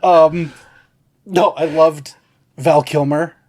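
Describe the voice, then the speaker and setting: A man's voice: on the high side, steady tone, slow, darkish tone. A man co-hosting a podcast in casual chat, laughing a lot, swearing freely and acting out quotes in put-on voices. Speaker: podcast co-host.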